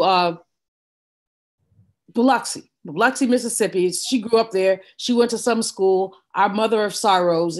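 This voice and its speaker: An older woman, a guest in an interview, telling a personal story in a vivid, animated way. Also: medium pitch. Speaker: guest economist.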